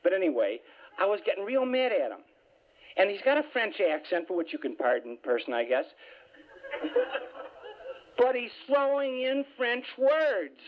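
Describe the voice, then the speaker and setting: A man's voice: sits high, moderate pace, long pauses. Man telling a story over tinny radio. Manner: lively storytelling with self-mocking asides. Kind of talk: humorous spoken talk. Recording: tinny phone-like radio sound.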